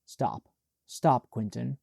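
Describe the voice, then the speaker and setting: A man voicing a quiet, yielding teenage girl. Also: mid-range voice, takes it slowly, gravelly, slightly rough, dry recording, studio quality, heavily acted. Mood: hushed. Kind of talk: audiobook character voice.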